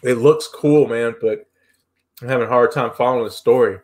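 A man's voice: mid-range voice, normal speed, darkish tone. Joking, blunt man on a podcast. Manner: blunt, joking, swears casually. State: talking with food in his mouth. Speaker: podcast co-host. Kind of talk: casual podcast chat.

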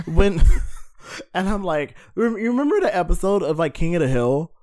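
A man's voice: high voice, very animated, normal speed, a little mellow, no echo, clean studio sound. A man co-hosting a podcast, chatting casually about a movie with lots of fillers and laughs. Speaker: podcast co-host.

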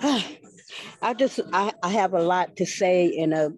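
A woman on a group call thanking the class, halting and close to tears. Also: lowish voice, rough recording. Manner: halting, restarts, fighting back tears. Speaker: class participant.

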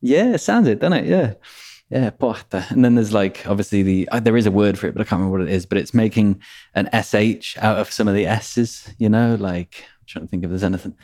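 A man's voice: fairly low pitch, fast talker, darkish tone, no echo, clean studio sound. A man chatting casually as a podcast guest, rambling and laughing often. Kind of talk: casual conversation.

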